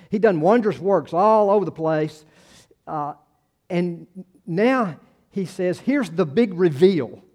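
A sixty-something pastor gives a sermon in a homey, conversational style, telling personal anecdotes and repeating words. His voice is a little high and slightly mellow.

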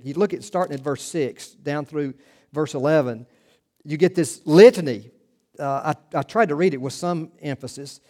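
Male pastor, somewhat high voice, emphatic and repetitive sermon delivery. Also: a little mellow. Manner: emphatic, repeats words, quick asides.

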